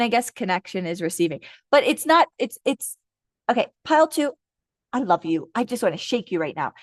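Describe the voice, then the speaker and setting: A young woman giving a casual live tarot reading, blunt and profane, who breaks into quick high-pitched voices to act out her listeners. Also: no echo, clean studio sound. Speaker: tarot reader.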